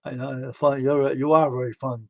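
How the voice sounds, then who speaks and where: This is a man on a casual live stream who backs up his co-host with frequent murmured agreement. His voice sits at an ordinary, mid-range pitch for a man. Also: level tone, fast, creaky, highs cut off, background noise.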